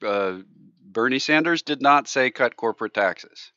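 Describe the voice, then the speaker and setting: A man's voice: medium pitch, animated, a little slow, pushed and bright, no echo, highs cut off. A man co-hosting a call-in radio show, chiming in with short remarks and questions. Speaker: radio co-host. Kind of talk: call-in radio talk about markets.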